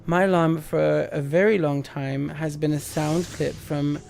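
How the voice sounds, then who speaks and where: A man's voice: on the high side, fairly even intonation, unhurried, gravelly, darkish tone, slight background noise. A tipsy man chatting casually while streaming a game, rambling with lots of fillers.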